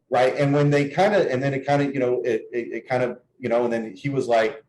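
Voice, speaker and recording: A man's voice: mid-range voice, steady tone, fairly quick, darkish tone. A man coaching on dating, explaining his views and telling a client's story in an earnest, casual conversational way. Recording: echoey room.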